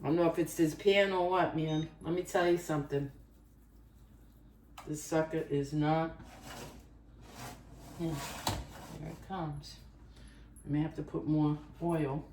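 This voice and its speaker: A woman's voice: on the low side, a little mellow, recorded from a distance, slight background noise. A woman hosting a home cooking vlog, talking casually and rambling through asides as she works in her kitchen. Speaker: cooking channel host. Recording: echoey kitchen, voice away from the mic.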